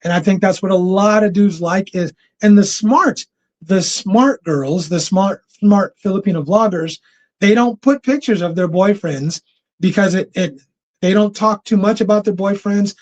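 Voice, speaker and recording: A man's voice: high-pitched, moderate pace. A man hosting a casual livestream, talking loosely in slang with laughs and restarts. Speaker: livestream host. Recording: dull lo-fi stream audio.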